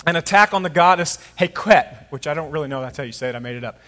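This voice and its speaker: Storytelling male pastor with a slightly high voice. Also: lively intonation, quick pace, bright, forceful tone, big-room sound. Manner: conversational, storytelling preacher acting out voices. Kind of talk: sermon.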